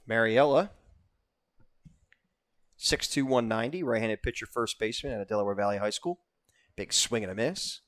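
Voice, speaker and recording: A man calling youth baseball play-by-play, joking between pitches and getting louder and higher on the action. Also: normal speed, long pauses. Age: older. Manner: jokey, rises in pitch and volume on plays. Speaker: play-by-play announcer.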